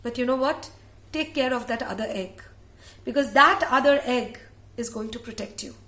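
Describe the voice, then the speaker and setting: A woman's voice: a little high, normal speed, a bit bright. A woman voicing a furious half-formed newborn boy who curses his own mother, in a commanding tone that repeats itself. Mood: stern. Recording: echoey room.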